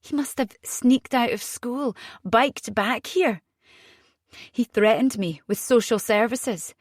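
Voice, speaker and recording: A woman reading an audiobook voices an agitated young mother, fierce and frightened, her voice jumping high when upset. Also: slow, no room sound, studio quality.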